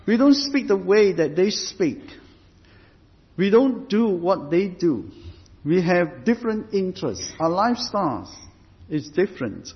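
Very animated yet unhurried and deliberate, a man with a fairly high voice preaches a sermon, building each point by repeating phrases. A long hall reverb follows his words on a dull-sounding recording.

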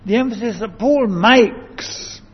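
A man's voice: very high voice, takes it slowly, breathy edge. A man preaching a sermon in a church, earnest and emphatic, lifting his voice to stress key words. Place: church building. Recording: dull lo-fi church sound with long reverb.

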